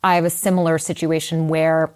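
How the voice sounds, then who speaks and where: A woman guest telling personal stories in an animated, conversational way, often acting out the voices of people she quotes. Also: deep voice, a little fast, clear, resonant tone. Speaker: guest writer. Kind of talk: conversational storytelling.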